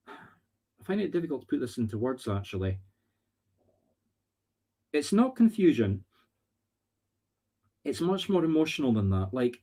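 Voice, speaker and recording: A Scottish man working as a medium on a live stream, talking earnestly and haltingly, often searching for words. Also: on the high side, warm tone. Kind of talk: live-streamed spirit readings.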